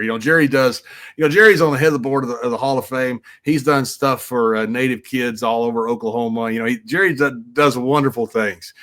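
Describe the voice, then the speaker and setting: A man, a podcast guest, telling a long casual anecdote in a rambling, animated way with crude jokes. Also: mid-range voice.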